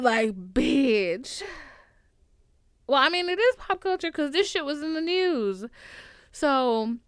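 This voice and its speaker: A woman's voice: on the high side, no echo. Profane, rambling young woman podcaster. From United States. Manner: profane, rambling, fast-talking, laughs to cope. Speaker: podcast host. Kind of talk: casual confessional monologue.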